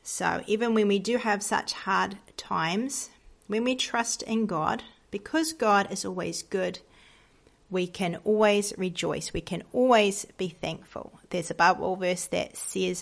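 A woman teaching a devotional lesson, telling hymn history and reading moral stories in a gentle, earnest way. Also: medium pitch, a little slow, creaky. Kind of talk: storytelling lesson for children.

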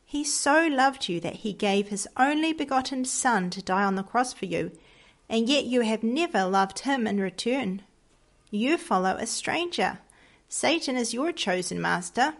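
A woman voicing an earnest, pious woman in a storybook who gently reproaches a stranger. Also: fairly high pitch, lively intonation, measured pace. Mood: reproachful.

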